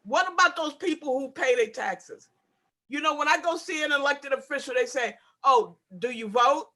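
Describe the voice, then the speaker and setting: An upset woman in her sixties pleads during public comment, repeating her points in a very high, bright voice. She is heard over a video call. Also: normal speed. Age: 60s. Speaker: public housing resident speaking at a community board meeting.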